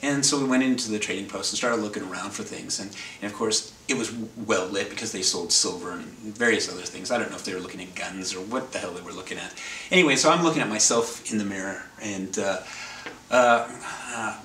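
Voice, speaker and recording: A man's voice: fairly low pitch, brisk, sharp tone. A wry man rambling through a story. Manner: rambling, self-correcting, wry. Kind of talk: casual anecdote told to camera. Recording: roomy, distant, faint background noise.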